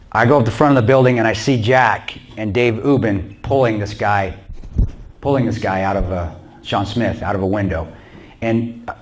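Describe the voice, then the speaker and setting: A man telling a combat story to a church audience in a blunt, plain-spoken way. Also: fairly low pitch. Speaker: guest speaker recounting combat. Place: small church.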